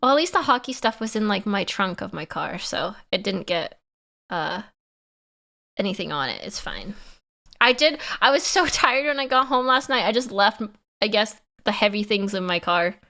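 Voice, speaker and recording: A woman's voice: medium pitch, animated, moderate pace, gravelly, sharp tone. A woman chatting casually on a livestream, laughing often and answering her chat. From Canada.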